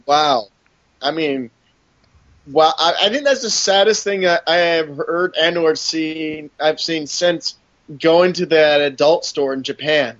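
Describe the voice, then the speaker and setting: Guy co-hosting a podcast, playful and rambly, high voice, muffled lo-fi sound. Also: slow, fairly bright tone, dry recording. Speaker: podcast co-host. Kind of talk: casual podcast chat. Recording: dull lo-fi podcast audio.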